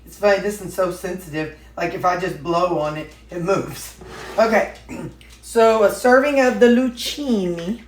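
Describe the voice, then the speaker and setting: A woman's voice: lowish voice, measured pace. A woman vlogging casually from her home kitchen, rambling along with plenty of fillers and restarts. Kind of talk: casual chatty diet vlog. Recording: echoey kitchen with dish clatter.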